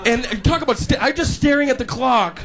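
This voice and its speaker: A young man performing a stand-up comedy routine, animated and quick to slip into put-on voices for the characters in his stories. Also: very high voice. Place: stage before a live audience. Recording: live show with loud crowd laughter and noise.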